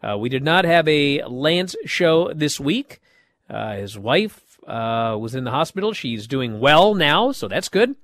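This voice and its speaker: A man hosting a show, recapping wrestling in a casual, animated way and acting out the quoted lines. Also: fairly high pitch, a little slow, no echo, studio quality.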